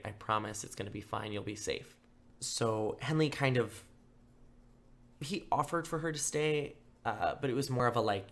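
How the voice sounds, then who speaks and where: A young man hosting a true-crime podcast, telling the story casually with lots of fillers and flat acted-out quotes. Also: fairly low pitch, creaky. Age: young adult. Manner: casual, filler-heavy, acts out quotes in flat mock voices. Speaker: podcast host.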